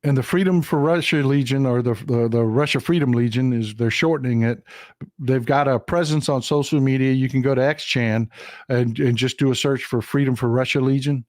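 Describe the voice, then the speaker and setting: A man's voice: medium pitch, steady tone, fairly quick, no echo, studio quality. A man hosting a live-streamed political commentary show, talking through a map and repeating lines for emphasis. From Texas. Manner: emphatic, repeats phrases for stress.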